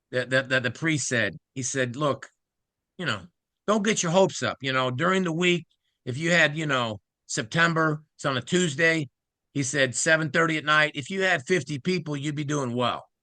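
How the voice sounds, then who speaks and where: A middle-aged man from Ohio tells his story as an interview guest, quick and excited, slipping into other people's voices for quoted lines. His voice is higher than most men's and very bright, recorded close and dry with no room echo. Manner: excited, acts out quoted speech, fast asides.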